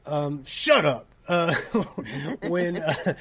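A young man with a Tennessee drawl talks through a story for a podcast, his voice sitting a bit high for a man. He's animated and chatty, laughing and acting out bits of dialogue as he goes. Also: extremely slow. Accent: Southern US, Tennessee. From Tennessee, USA. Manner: animated, laughing, swears, acts out quoted dialogue. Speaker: podcast co-host. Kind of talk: casual storytelling chat.

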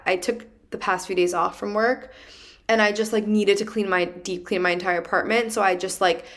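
Chatty young woman telling her story. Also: medium pitch. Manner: chatty and animated, heavy use of "like". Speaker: podcast host. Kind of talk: casual personal storytelling.

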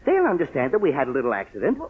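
A man's voice: mid-range voice, huge pitch swings, very fast, slightly rough, full character voice. An actor playing an exasperated middle-aged father who lectures his household in a blustering, scolding way, in 1940s radio sitcom style. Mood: soothing. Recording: tinny 1940s radio broadcast recording.

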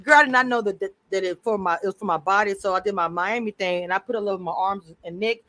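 A woman's voice: mid-range voice, fast talker, bright, forceful tone, no room sound. A woman co-hosting a casual recap chat over a video call, talkative and prone to drifting off topic with many restarts. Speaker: co-host.

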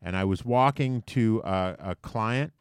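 A man's voice: fairly low pitch, unhurried, clean tone, no room sound. A man co-hosting a podcast from a basement studio, casually telling a self-mocking story with lots of fillers. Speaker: podcast co-host. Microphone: large studio microphone.

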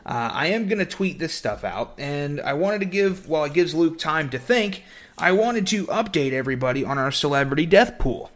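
A man with a slightly high voice hosts a podcast, rambling loosely and swearing in casual banter with his co-hosts. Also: lively intonation, normal speed. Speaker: podcast host. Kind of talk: casual chat.

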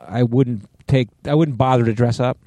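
Man in his 40s, podcast co-host, blunt dry delivery, mid-pitched, dead dry mic. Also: normal speed, dark tone, dry recording. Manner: dry, blunt, swears casually. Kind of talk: casual chat.

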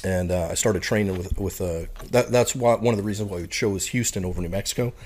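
A middle-aged man from Canada talks quickly in a low voice, with a little hiss or hum in the audio. He's a podcast guest, casually and animatedly telling a story and acting out its characters.

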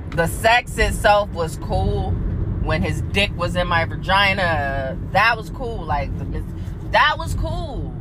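A woman's voice: mid-range voice, slight background noise. A woman hosting a podcast, telling a story in a blunt, profane, casual way and talking straight to her listeners. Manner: blunt, profane, animated, with frequent laughs; addresses listeners directly as "y'all". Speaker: podcast host.

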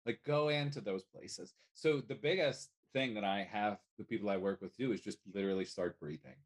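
A man talking as a life coach guest in a casual podcast conversation, animated and casually swearing. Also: lowish voice, fairly quick, few pauses. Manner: animated, swears casually, acts out little quoted voices.

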